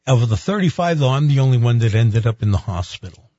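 This middle-aged pastor talks fast at a medium pitch as he shares a personal story in an interview, vividly imitating the people he quotes. The recording has no echo but sounds dull, dry, and slightly muffled.

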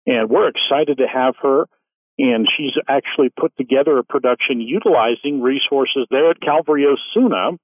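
A man who is a pastor, calling in by phone to a radio show, speaking in a formal, measured way. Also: mid-range voice, no echo. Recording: tinny phone line.

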